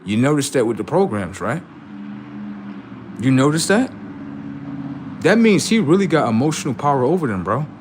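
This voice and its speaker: Male streamer, rambling storyteller, animated pitch, faint background hiss. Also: moderate pace, pauses often. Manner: rambling, repetitive, asks "right?" often. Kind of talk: live-stream commentary and storytelling.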